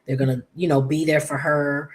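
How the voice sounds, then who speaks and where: With a low voice at normal speed, a woman casually recaps a soap opera episode. Her delivery is loose and chatty, full of fillers and throat clears, and she livens up whenever she quotes the characters.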